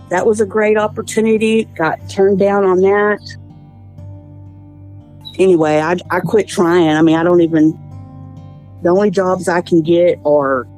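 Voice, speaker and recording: Low, mellow woman, halting speech. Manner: halting, frustrated, restarts often. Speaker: interviewee. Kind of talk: casual interview.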